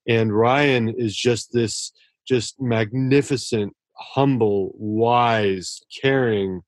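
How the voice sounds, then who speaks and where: A man being interviewed as a writer, talking earnestly and warmly about his mentors, often restarting his sentences. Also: fairly low pitch, dry recording. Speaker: author guest. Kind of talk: casual interview talk.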